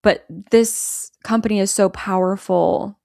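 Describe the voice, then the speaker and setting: Young woman chatting, middle pitch, dry close sound, fast animated recap w/ quoted lines. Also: creaky, dry recording. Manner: animated storyteller, quotes characters in quick bursts. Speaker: podcast co-host recapping a film. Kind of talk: casual chat.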